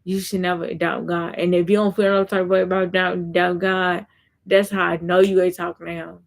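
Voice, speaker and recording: A woman talks earnestly about faith on a live stream, reading comments out loud and answering them. Her voice stays low and even, with a steady gravelly fry. She circles back and repeats her points as she goes. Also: normal speed. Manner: reads viewer comments aloud and answers them. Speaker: content creator.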